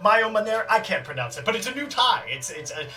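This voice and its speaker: A blustering, excitable middle-aged lawyer, as a man puts him on in a tabletop game, pitched up high with a bright, sharp edge. He sounds a bit off-mic. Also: a little fast, far from the mic, soft background music, full character voice. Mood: excited. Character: flustered middle-aged male personal injury lawyer.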